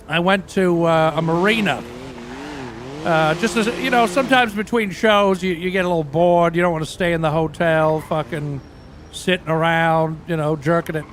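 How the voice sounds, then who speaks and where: A man doing a high-voiced crude rock singer. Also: slight background noise. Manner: rambling, profane, deadpan tall tales. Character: crude boastful male rock singer, unhinged storyteller. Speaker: roleplay character. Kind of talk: improvised game roleplay.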